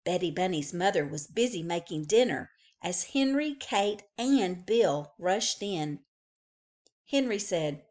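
A woman librarian reading a picture book aloud to young children, slow and expressive. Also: on the low side.

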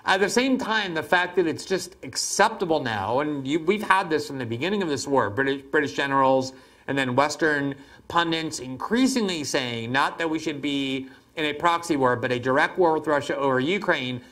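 A man hosts a political interview, his voice sitting a little high for a man. He talks with a wry, incredulous edge and winds up slowly before each long question. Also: expressive, a bit bright. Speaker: host.

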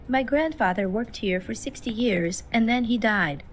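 A woman voicing a calm, detached stranger in a video game, speaking in a flat, emotionless way. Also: fairly high pitch, moderate pace, slight background noise, close to an everyday voice. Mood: matter-of-fact. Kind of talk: game character dialogue.

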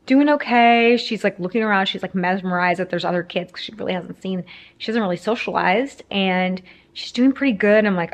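A woman's voice: fairly low pitch, moderate pace. A young woman telling a casual storytime to camera, rambling with lots of fillers. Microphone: camera framing, talking to camera.

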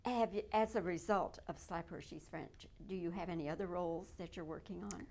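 A woman's voice: fairly low pitch, a little fast. A woman interviewing an actress, chuckling and asking friendly questions. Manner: warm, chuckling, complimentary questions. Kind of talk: casual interview.

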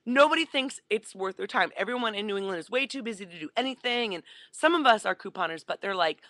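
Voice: mid-range voice, animated, fairly quick, few pauses, sharp tone, dry recording. A vlogger telling a story casually into a webcam, acting out the voices of the people in it.

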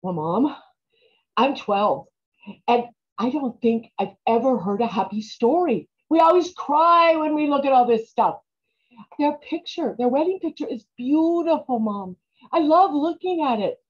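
On stage, a woman delivers a monologue about her girlhood, sounding stubborn and indignant and breaking into shouts. Her voice sits high, and the sound is lo-fi.

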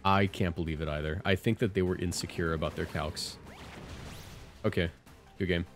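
Low-voiced joking man commentating gameplay. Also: fairly even intonation, faint music behind. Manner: joking, self-mocking, quick bursts of laughter. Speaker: streamer playing competitive battles. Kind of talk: casual commentary over gameplay.

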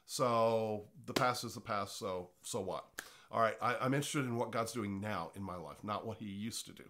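A man's voice: fairly low pitch, moderate pace, noisy background. A pastor giving an informal, earnest teaching with a slightly congested voice, often restarting his words.

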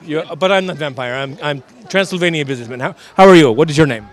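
A man's voice: fairly high pitch, quick pace, no echo, lightly acted. A man playing a Transylvanian count who claims to be a businessman, speaking in broken English and playfully reassuring children at an outdoor Halloween parade. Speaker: street interviewer.

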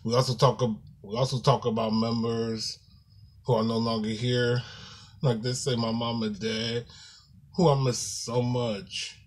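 A man speaks to his viewers at a slow, unhurried pace, in a mid-range voice. His casual talk is halting and apologetic, and he calls his audience "y'all". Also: mid-range voice, level tone. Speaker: YouTuber.

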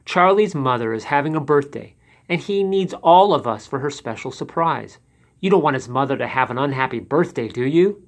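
A man's voice: mid-range voice, lively intonation, moderate pace. A man voicing little X, a small lonely letter in a storybook, earnest and wistful. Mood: clever.

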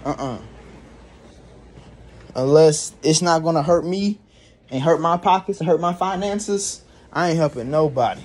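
A young man complains in a casual, rambling vlog, cursing freely and sounding fed up. His fairly high, darkish voice is a little slow, and he pauses often.

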